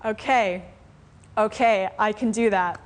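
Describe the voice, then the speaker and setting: A woman's voice: mid-range voice, takes it slowly, natural voice. A woman voicing a generous, noble male king in a told fable, speaking earnestly. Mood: eager. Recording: faint room noise in a live class.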